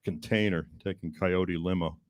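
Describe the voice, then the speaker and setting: A male stand-up comedian telling a story on a comedy club stage, rambling with restarts and bursts of shouting. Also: sits low, fairly even intonation, moderate pace, no room sound.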